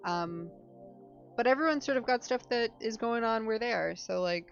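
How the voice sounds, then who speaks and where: A woman's voice: fairly high pitch, moderate pace, creaky. A young woman hosting a casual live stream, rambling and chatty, with many fillers as she talks and reads a game aloud. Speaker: streamer host. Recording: slightly muffled stream audio with faint music.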